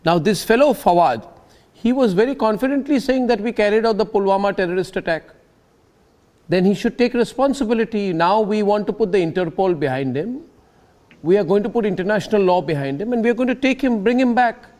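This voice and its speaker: A man, anchoring a heated TV debate and cutting in forcefully. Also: sits high, lively intonation, fairly quick. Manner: forceful and interrupting. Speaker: news anchor.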